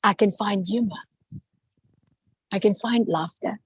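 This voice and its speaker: A woman podcast host speaking earnestly and reflectively about her feelings in a relaxed conversation. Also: mid-range voice, unhurried, breathy edge, no echo, poor audio.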